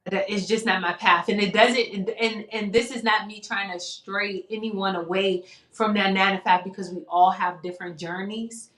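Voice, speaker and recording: A woman's voice: medium pitch, normal speed, roomy sound. A woman guest on a live-streamed interview, talking openly and animatedly about her path. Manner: animated, warm-hearted, calls people baby. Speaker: guest, talk show host and coach. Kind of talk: casual interview conversation.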